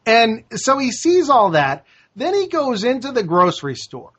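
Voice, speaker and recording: A man co-hosting a casual movie review podcast, animated and breaking into quick impressions of the characters. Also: extremely high pitch. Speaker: podcast co-host.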